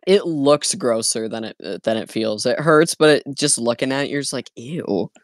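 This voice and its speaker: A man's voice: mid-range voice, fairly quick, no echo. A man co-hosting a comedy podcast, laid-back and hesitant with dry asides. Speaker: podcast co-host. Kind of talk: casual chat.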